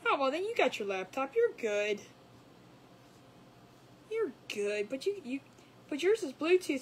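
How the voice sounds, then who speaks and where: A woman's voice: sits high, slight background noise, poor audio. A woman hosting a casual craft livestream, rambling and chatty as she greets viewers by name. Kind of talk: casual live-stream chat.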